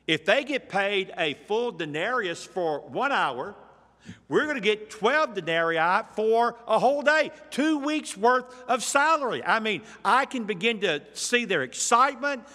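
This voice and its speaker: A man's voice: high voice, sing-song, a little slow, bright, forceful tone, in a large hall. A male pastor preaching a sermon, teaching verse by verse with emphatic points and rhetorical questions.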